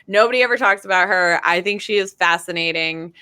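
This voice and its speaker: A woman's voice: lowish voice, fairly quick, bright, forceful tone, smooth, no room sound, clean studio sound. A woman guest in casual fan chat, bubbly and rambling, with lots of fillers.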